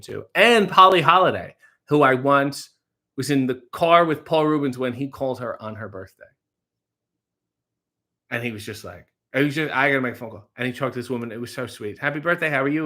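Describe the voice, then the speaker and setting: A man hosting a casual livestream, reading viewer comments aloud with quick, profane asides. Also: mid-range voice, bright, forceful tone. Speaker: livestream host reading chat. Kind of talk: casual live chat. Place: home kitchen.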